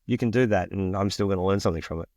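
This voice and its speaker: Chatty Australian man, low dry voice. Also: racing, dry recording. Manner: chatty, lively, acts out quoted voices. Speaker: guest. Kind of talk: casual storytelling interview.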